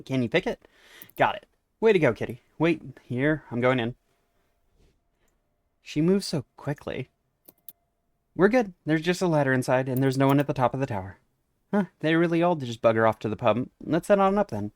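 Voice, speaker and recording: A man's voice: medium pitch, animated, normal speed, pauses often, dry recording. A man who streams games, giving casual let's-play commentary and reading the dialogue aloud with wry asides. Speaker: game streamer.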